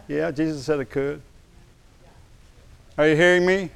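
A man's voice: fairly high pitch, fairly even intonation, measured pace, gravelly, pauses often, smooth. A man preaching a sermon as pastor, speaking emphatically and calling on the congregation to respond.

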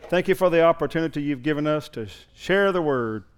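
Folksy preacher man, higher voice. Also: expressive, fairly quick, smooth. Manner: folksy storytelling, breaks into shouted bursts. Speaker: pastor. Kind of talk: sermon.

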